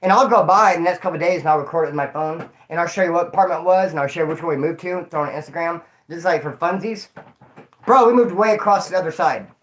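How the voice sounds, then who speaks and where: A man's voice: fairly high pitch, quick pace, fairly bright tone. A young man from Northern California telling a rambling, slangy, profane story on a casual livestream.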